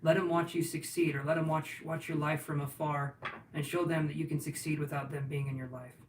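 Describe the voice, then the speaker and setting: A chatty man with a fairly high voice gives tarot readings on a livestream, joking with his viewers as he goes. He sits back from the mic in a roomy space, and a faint hum of room noise runs underneath. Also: flat delivery, a little fast, distant mic. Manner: joking, chatty, answers viewers' questions aloud. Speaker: tarot reader. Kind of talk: casual livestream chat.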